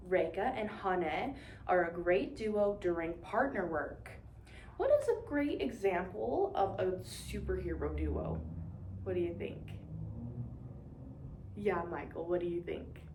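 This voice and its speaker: A woman's voice: medium pitch, a little mellow, slight background noise. A young woman teaching a vocabulary lesson to young pupils, upbeat and encouraging, with call-and-response prompts. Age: young adult. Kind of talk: demonstration lesson to imagined class. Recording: echoey room, mic at a distance.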